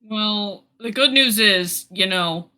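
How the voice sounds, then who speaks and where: A woman's voice: medium pitch, lively intonation, measured pace, bright, forceful tone. A woman playing a tabletop game, joking around and slipping into a put-on New York accent. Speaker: player. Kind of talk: casual tabletop chat.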